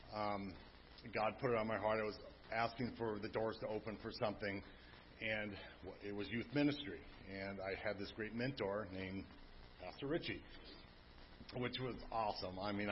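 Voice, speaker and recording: A low-voiced man in his fifties shares an earnest, emotional testimony with his congregation, his voice booming. The church recording is dull and lo-fi, with a faint hum behind it. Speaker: family pastor. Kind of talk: personal testimony. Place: church sanctuary.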